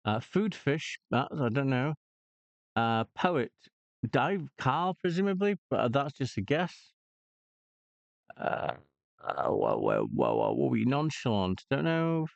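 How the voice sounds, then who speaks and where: A gaming channel host with a medium-pitched, gravelly voice mutters clues and moves to himself, hesitant yet very animated and slow-paced, in casual puzzle and game commentary. The lo-fi recording sounds dull, with no room sound.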